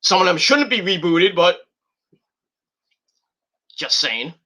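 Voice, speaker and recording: A rambling, profane man in his thirties hosting a casual podcast chat. His voice is very bright and his pitch swings all over the place, climbing a little high for a man. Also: very animated, slow pace. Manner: rambling, profane, restarts often, shouts in bursts. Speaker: podcast host.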